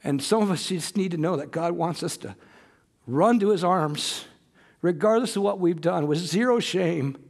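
A man's voice: high-pitched, normal speed, vocal fry, a little mellow. A man in his forties preaching a sermon, telling family stories in an earnest way that rises to emphatic peaks. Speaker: pastor.

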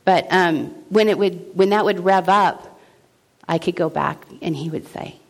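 A woman's voice: fairly low pitch, unhurried, vocal fry. A middle-aged woman sharing a personal faith testimony in an earnest, conversational way, full of restarts and acted-out dialogue. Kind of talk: faith testimony, casual storytelling.

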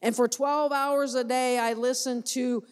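Woman, missionary, animated testimony with repeats for emphasis; slightly high voice, long hall reverb. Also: unhurried, clean tone. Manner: animated storytelling, laughing, repeating phrases for emphasis. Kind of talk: personal testimony to a church audience.

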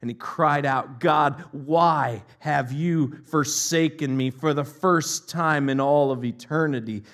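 A male pastor preaching a sermon, swinging between loud impassioned cries and hushed, almost whispered lines. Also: medium pitch.

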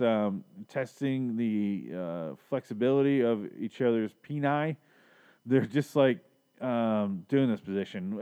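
A man's voice: mid-range voice, a little mellow. A man recapping a TV episode in a crude, rambling, joking way. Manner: crude, rambling, jokey asides. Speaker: show recapper. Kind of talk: casual comedic recap.

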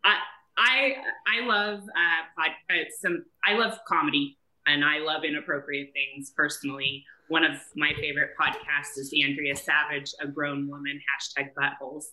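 A woman's voice: deep voice, steady tone, moderate pace, bright, forceful tone, reverberant, low-quality recording. A woman hosting a podcast, asking questions in an upbeat, chatty way. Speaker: podcast host. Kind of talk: casual chat.

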